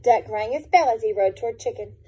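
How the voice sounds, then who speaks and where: A woman, a preschool teacher, reading a picture book aloud to young children in a gentle, encouraging, expressive way. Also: on the high side, brisk, husky.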